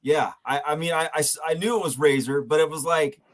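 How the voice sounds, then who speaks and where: A man co-hosting a wrestling podcast, talking enthusiastically with halting restarts. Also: fairly high pitch. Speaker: podcast co-host. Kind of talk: casual chat.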